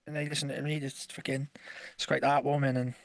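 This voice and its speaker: A man's voice: mid-range voice, flat delivery, fast talker, creaky, no room sound. Man, casual podcast chat, sweary and rambling, dry close sound. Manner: sweary, rambling, laughs often. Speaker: podcast co-host.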